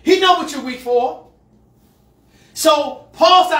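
A male pastor preaching a sermon to a congregation, moving between quiet asides and shouted call-and-response lines. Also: extremely high pitch, slow pace. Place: church sanctuary with a congregation. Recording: echoey hall, mic far off. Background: congregation answering.

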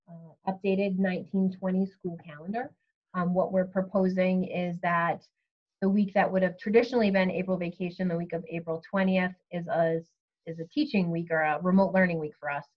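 Lo-fi woman official, measured. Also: lowish voice. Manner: measured, frequent ums. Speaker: school superintendent. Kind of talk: virtual meeting update. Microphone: video call. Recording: lo-fi video call audio.

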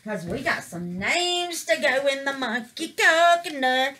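A woman's voice: sits high, animated, measured pace, pushed and bright. A woman gushing over her resin craft in a casual vlog, calling her viewers baby and y'all.

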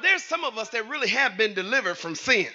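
A male pastor preaching fervently to his congregation, calling for responses and building to shouts with sing-song phrasing. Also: sits high, sing-song, a little fast, muffled recording, slight background noise. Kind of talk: preaching a sermon with call and response. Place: church sanctuary.

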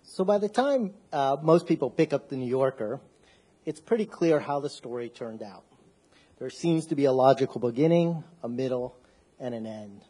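Mellow husky man telling a stage story. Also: medium pitch, animated. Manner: measured, wry narrative delivery.

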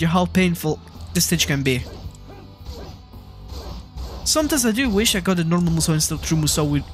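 This is a high-voiced man running a gaming channel. Talking loosely over his gameplay, he wanders off topic, says things more than once, and gets worked up and profane.

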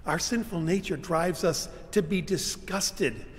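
A male pastor preaching a sermon with dramatic, emphatic, slowly weighted phrasing. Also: high-pitched, big-room sound. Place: church sanctuary.

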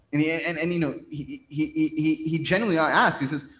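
A man's voice: a little high, a little fast, fairly bright tone. A man, a priest, telling a story as a sermon in a church sanctuary, talking conversationally with frequent restarts. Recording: roomy church reverb.

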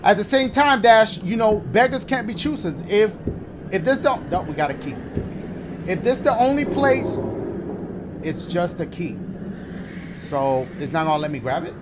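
A man's voice: sits high, sing-song, moderate pace, pauses often, background noise. A man hosting a let's-play of a horror game, cracking jokes and swearing as he reacts, yelping when something startles him. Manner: joking, profane running reactions, yelps when startled. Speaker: gaming channel host. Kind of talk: casual let's-play commentary.

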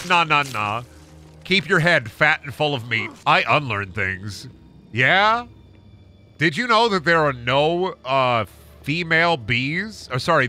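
A young adult man streaming a zombie game, with a bright, sharp voice that swings all over the place. He rambles from one joke to the next and swears freely. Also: a little high. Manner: rambling, joking, profane asides. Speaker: gaming streamer. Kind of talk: casual game-stream commentary.

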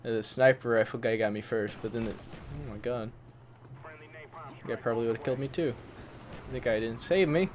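A man doing excitable gameplay commentary, who swaps swear words for mild ones like "fudge" and breaks into loud, high-pitched outbursts. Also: normal speed, pauses often. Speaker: gaming channel host. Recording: faint game noise behind. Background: gunfire from the game.

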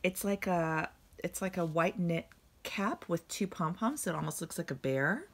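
A woman vlogging an unboxing to her viewers, gushing and excitable, with a slight cough from a coming cold and moments where she drops to a hush. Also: lowish voice, normal speed. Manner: gushing, excitable, drifting into hushed whispers. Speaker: reborn doll collector vlogger. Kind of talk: unboxing vlog, talking to viewers.

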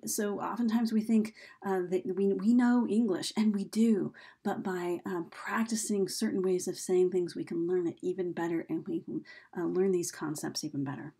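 A woman's voice: mid-range voice, normal speed, mellow, slightly rough. A woman teaching a recorded video lesson in a casual, chatty way, with frequent fillers as she explains.

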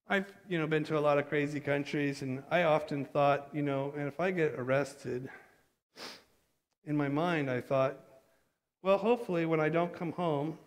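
A man preaching in a church sanctuary, his fairly high voice carrying long reverb from the hall. He is animated and slips into quick acted bits of dialogue. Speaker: pastor. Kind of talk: sermon.

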